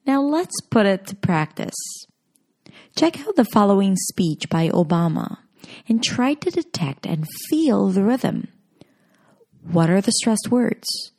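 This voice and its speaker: A woman narrating a scripted pronunciation lesson, speaking clearly and deliberately as she models example sentences. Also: medium pitch, dark tone. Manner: slow, clear, deliberate demonstrations. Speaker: pronunciation teacher.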